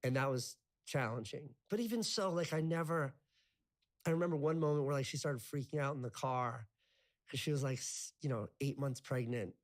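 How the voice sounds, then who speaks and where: A man's voice: mid-range voice, moderate pace. A man in his thirties telling his life story as an interview guest, rambling with lots of filler words and casual swearing. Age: 30s.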